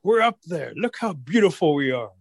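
A man putting on a proud bear, excited and boastful, raised in pitch above the storyteller's normal voice. The sound is dry and close. It is a folktale telling. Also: moderate pace, vocal fry, no echo, full character voice.

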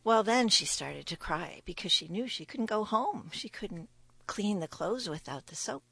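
A woman tells a folktale aloud, leaning into the story and slipping into hushed, whispered asides. Her voice has a gravelly, creaky edge, and the recording is dry and close with no room sound. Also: mid-range voice, animated, measured pace, no room sound. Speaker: storyteller guest. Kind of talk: oral folktale telling.

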